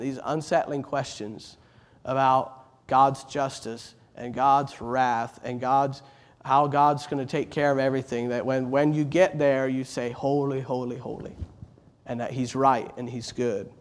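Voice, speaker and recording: A middle-aged man preaching a sermon, earnest, repeating words as he builds, rising loud on exalted phrases and dropping soft on tender ones. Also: medium pitch, fairly even intonation, measured pace.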